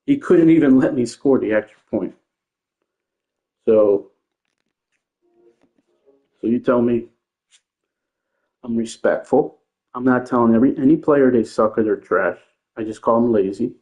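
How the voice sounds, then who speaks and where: A man ranting casually about online opponents as a gaming streamer, rambling, defensive and repeating himself. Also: mid-range voice. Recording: tinny phone-like sound in an echoey room.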